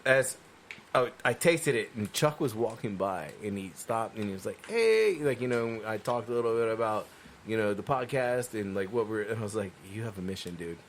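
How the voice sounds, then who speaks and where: A man's voice: fairly low pitch, moderate pace, a little hiss or hum. Man telling a rambling, swear-filled story. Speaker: podcast co-host. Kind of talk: casual beer-tasting chat.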